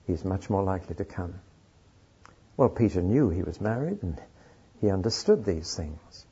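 Brief: male preacher, very husky and mellow, dry wit, dull lo-fi tape sound. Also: low-pitched, expressive, moderate pace, long pauses. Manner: dry humor, storytelling. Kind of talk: sermon with anecdotes. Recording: dull lo-fi recording.

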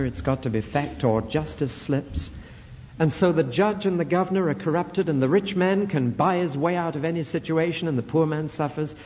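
A man's voice: medium pitch, warm tone, a little hiss or hum. A British man preaching a sermon, emphatic and fond of repeated rhetorical questions. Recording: dull recording in a reverberant hall.

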